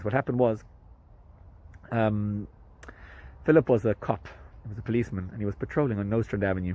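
A man, a rabbi, telling a story to camera in an animated way, with hesitant restarts and fillers. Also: slightly rough, low-quality recording. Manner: animated, jumps up in pitch for quoted speech.

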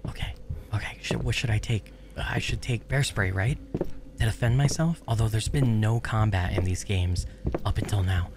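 A man's voice: fairly low pitch, normal speed, noisy background. A man doing horror game commentary, talking to himself, swearing and panicking, sometimes whispering while he hides, on a desk mic. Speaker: gaming YouTuber. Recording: game music playing behind.

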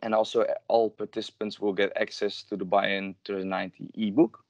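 Male webinar host, lowish voice, hesitant, dry close sound. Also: level tone, brisk, no echo. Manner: hesitant, with frequent fillers. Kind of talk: webinar introduction.

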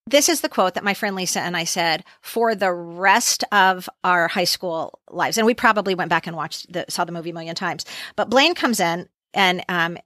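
A woman's voice: fairly low pitch, normal speed, hardly any pauses, a bit bright, dry recording, studio quality. A middle-aged woman co-hosting a podcast in casual chat, talking with many ums and acting out movie quotes. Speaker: podcast co-host.

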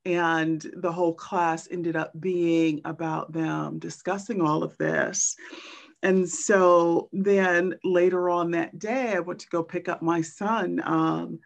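Slow, gravelly woman poet on a video call. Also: on the low side, steady tone. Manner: slow, halting and thoughtful, with many pauses and fillers. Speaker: poet and teacher. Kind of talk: reflective storytelling in a virtual book talk.

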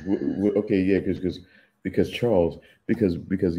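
A man's voice: low voice, steady tone, moderate pace, mellow, breathy edge. A man co-hosting a podcast in casual chat, sarcastic and prone to repeating himself. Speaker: podcast co-host.

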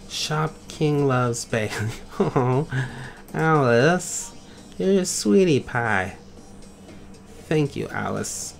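Male game-channel host, casual and goofy commentary, slow delivery, light music bed. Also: mid-range voice, animated, gravelly. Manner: playful and goofy, gushing over viewers' art. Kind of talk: casual commentary reviewing fan art.

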